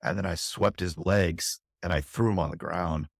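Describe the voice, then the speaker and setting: Guesting on a podcast, a middle-aged fire captain tells of a harrowing ordeal with intensity and candor, frequently restarting what he says. He has a low, steady voice with vocal fry and speaks at a normal pace, captured in clean studio sound with no room noise.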